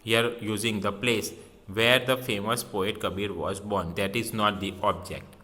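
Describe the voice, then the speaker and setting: A male teacher walks through a grammar lesson at an unhurried, deliberate pace. His voice is bright and sharp-edged, and he repeats key words and poses questions that he answers himself. The sound carries a long reverb. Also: on the low side, fairly even intonation.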